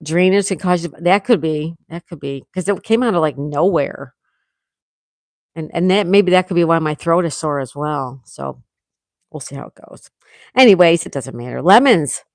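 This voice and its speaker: Hosting a relaxed morning livestream despite a sore throat, this woman reads viewer comments out loud and chats along, laughing frequently. Her voice is low and expressive, moving at a moderate pace. The sound is clean studio audio with no room sound.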